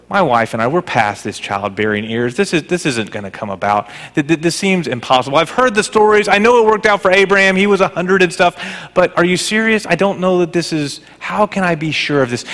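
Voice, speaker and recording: A man's voice: sits high, lively intonation, a little fast, fairly bright tone, long reverb tail. A man voicing an elderly male priest who doubtfully pleads for proof, in a sermon retelling. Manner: hesitant, pleading questions.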